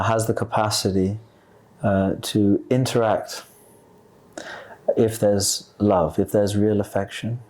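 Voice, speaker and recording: Earnest man with a lowish voice. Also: mellow. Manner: earnest, explaining with pauses and restarts. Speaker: podcast guest. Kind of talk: spiritual discussion.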